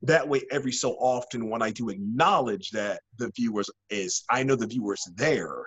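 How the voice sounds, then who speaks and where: A man being interviewed as a wrestling guest, an animated storyteller who rambles with many fillers and restarts. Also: mid-range voice, moderate pace, slightly rough, dull audio. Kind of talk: casual interview chat.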